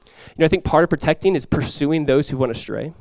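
Guy pastor preaching fast, kinda high voice, lots of "like" and "you guys", dry close mic. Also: creaky, no echo. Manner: animated storytelling, drops quiet and slow for emphasis; conversational, many fillers like "like" and "you guys". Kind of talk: sermon.

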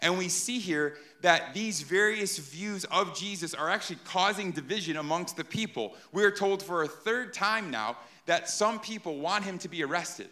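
A man's voice: high voice, expressive, normal speed, hardly any pauses, pushed and bright. A man preaching a sermon in a conversational way, often checking in with the listeners by asking "right?". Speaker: pastor.

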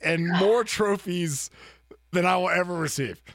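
A man's voice: high-pitched, measured pace, a bit bright, no room sound, clean studio sound. A man, co-hosting a casual sports talk show, joking and trash-talking. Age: 30s. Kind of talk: casual chat.

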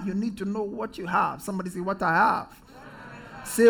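High-voiced preacher, emphatic. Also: male voice, moderate pace, gravelly, slightly rough. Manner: call-and-response, emphatic, often rising to shouts. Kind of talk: sermon. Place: church.

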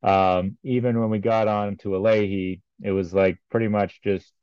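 A man's voice: lowish voice, steady tone, moderate pace, darkish tone, clean tone, no echo, highs cut off. A man recounting a race in casual podcast chat, rambling with many ums and uhs.

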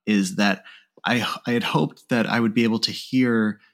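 A man with a slightly low voice hosts a podcast interview. He speaks in a measured, appreciative manner, pausing on the odd um. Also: fairly even intonation, fairly bright tone. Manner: measured and appreciative, with some ums. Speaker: podcast host. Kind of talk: interview conversation.

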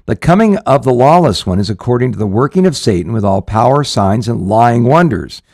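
A man's voice: mid-range voice, expressive, brisk, a little mellow, no echo, clean studio sound. A male pastor hosting a show, teaching scripture in an earnest, conversational way, with frequent restarts and fillers.

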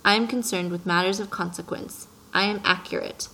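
A woman's voice: mid-range voice, steady tone, fairly quick, pushed and bright, rough recording. A woman voicing a self-important, fussy middle-aged businessman in an audiobook reading. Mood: pompous. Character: pompous middle-aged male businessman, peevish.

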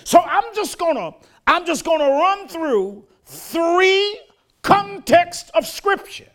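A man's voice: extremely high pitch, expressive, slow pace, fairly bright tone. An older man, preaching a sermon in a folksy manner that rises to emphatic declarations.

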